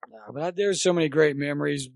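A man, a former college baseball coach, chatting as a guest and telling long, animated anecdotes. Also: fairly high pitch, fast talker, vocal fry, no room sound. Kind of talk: rambling anecdotal storytelling.

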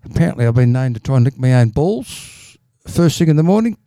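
A man's voice: medium pitch, big pitch swings, brisk, mellow, no room sound, studio quality. A middle-aged man with an Australian accent, telling long rambling jokes in a casual chat and stumbling over repeated words. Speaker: podcast regular telling jokes.

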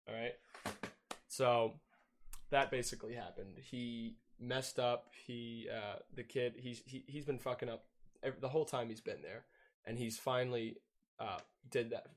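A man's voice: mid-range voice, steady tone, moderate pace. A young man casually telling a profane, laughing story on a podcast. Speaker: podcast host.

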